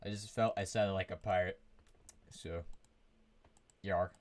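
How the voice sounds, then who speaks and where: Fast and flat in delivery, this man's fairly low voice carries casual live commentary on his game from his own room. The streamer rambles, hums to himself and frequently restarts what he's saying.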